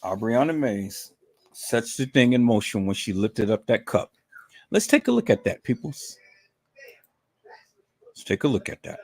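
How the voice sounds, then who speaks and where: A man's voice: mid-range voice, sing-song, a little slow, vocal fry, long pauses, a little mellow. A man giving casual livestream commentary, emphatic and repetitive, asking rhetorical questions.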